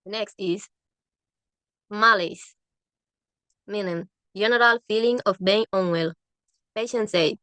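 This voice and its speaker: A woman reading a medical English textbook aloud, halting and often restarting words. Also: mid-range voice, sharp tone, dry recording.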